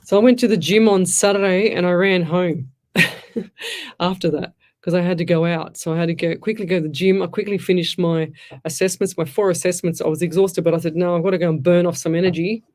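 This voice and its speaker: A woman's voice: fairly low pitch, steady tone, a little fast, a little mellow. Middle-aged woman, psychic host type, rambly and frank, talks straight to her listeners. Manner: chatty, rambling, frank and blunt advice. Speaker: psychic medium radio host. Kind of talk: casual live-stream chat, reading out comments.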